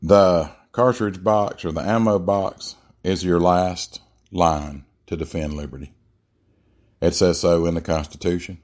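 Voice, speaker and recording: A man's voice: low-pitched, steady tone, measured pace, a little mellow. A man hosting a podcast, giving a blunt, emphatic political monologue with frequent fillers and restarts. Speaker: podcast host.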